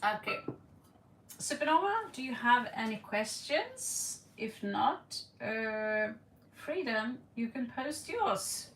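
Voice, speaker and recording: A woman's voice: fairly high pitch, very animated, takes it slowly, a bit bright, roomy sound, far from the mic, a little hiss or hum. A woman reading tarot on a live stream, playful, giggly and rambling, recorded in her own room. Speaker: tarot reader.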